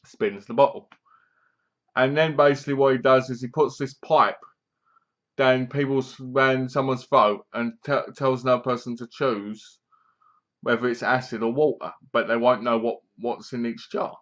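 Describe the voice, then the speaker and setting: Man, rambling casual film recap, mid-pitched voice, dull lo-fi sound. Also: fairly bright tone. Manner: rambling, quotes characters in low murmurs. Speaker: film reviewer.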